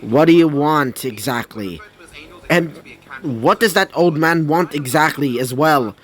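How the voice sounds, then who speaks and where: A man voicing a sullen teenage boy who is the son of a monster mother, speaking in a low, cold, grumbling tone and cursing. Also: a little slow, a bit bright. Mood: grumpy.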